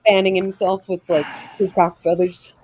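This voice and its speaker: A woman's voice: lowish voice, little pitch movement, normal speed, a little mellow, slight background noise. A woman in a casual group chat, explaining things in trailing restarts.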